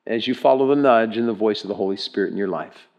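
A man's voice: lowish voice, quick pace, darkish tone, dull audio. Man preaching an emphatic sermon. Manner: emphatic, repeats words, asks the congregation questions. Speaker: pastor. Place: church hall with congregation.

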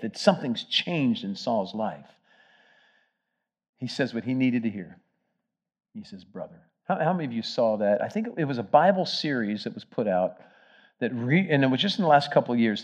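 A man preaching a sermon, telling the story with energy and swinging between loud emphasis and hushed moments. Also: mid-range voice. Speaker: pastor. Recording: dull, muffled sermon recording.

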